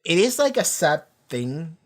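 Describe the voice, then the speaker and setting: A man giving loose, unscripted reaction commentary on a TV episode, rambling with lots of fillers and the odd curse, often trailing off softer at the end of phrases. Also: on the high side, sing-song, measured pace. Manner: rambling, heavy use of "like", casual swearing. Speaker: TV series reaction streamer. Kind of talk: casual live reaction commentary.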